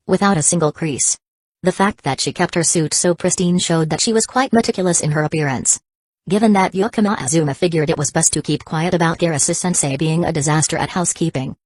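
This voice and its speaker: Low-voiced woman narrating a novel. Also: no room sound. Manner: even, steady reading. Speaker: audiobook narrator. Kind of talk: scripted narration.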